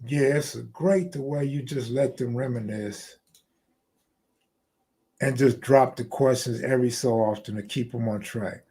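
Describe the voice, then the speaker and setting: A man's voice: medium pitch, fairly even intonation, a little slow, warm tone, breathy edge. A man hosting a live stream, chatting casually and answering his viewers in loose, slangy talk. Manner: loose, slangy, talks to chat and reads comments aloud.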